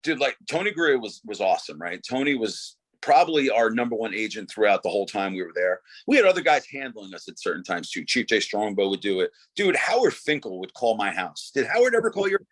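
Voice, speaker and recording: A man's voice: lowish voice, sing-song, fast, hardly any pauses, a bit bright, husky. A middle-aged man, a former wrestler, talking casually as an interview guest in a laid-back way, saying "dude" and "you know" often.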